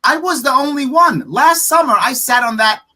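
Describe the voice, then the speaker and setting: Blunt guy on a podcast, bright forceful voice, pitch jumping all over, swears a bit. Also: lively intonation. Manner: emphatic and blunt, rapid rhetorical questions; profane, frank. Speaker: political candidate guest. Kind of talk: podcast interview.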